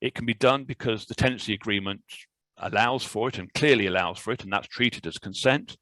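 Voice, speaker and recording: A man presenting a legal webinar as a barrister, speaking in a measured, explanatory way with frequent fillers, over a video call. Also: on the low side, a bit bright, dry recording, rough recording. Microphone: video call microphone.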